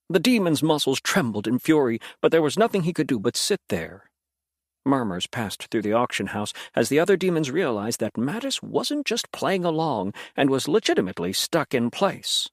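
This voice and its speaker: In a moderate-paced, mid-range voice, a man narrates a fantasy audiobook expressively. The studio-quality recording has no room sound.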